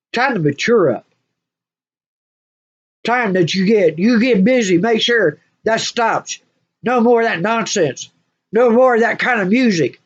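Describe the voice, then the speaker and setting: A woman's voice: on the high side, muffled recording. A woman ranting to camera in a vlog, scolding and preachy, repeating her points in emphatic bursts. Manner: repeats phrases, talks in bursts. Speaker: spiritual vlogger. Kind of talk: monologue rant to camera.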